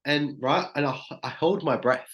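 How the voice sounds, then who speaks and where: A man's voice: fairly high pitch, moderate pace. Casual young man, lots of swearing. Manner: loose, heavy on "like" and swearing. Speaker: guest. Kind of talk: casual podcast chat.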